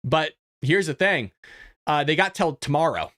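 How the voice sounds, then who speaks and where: A man's voice: a little high, animated, normal speed, fairly bright tone. A man hosting a casual political commentary livestream, talking in a chatty, conversational way. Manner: chatty, conversational, lots of "you know what I mean". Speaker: host.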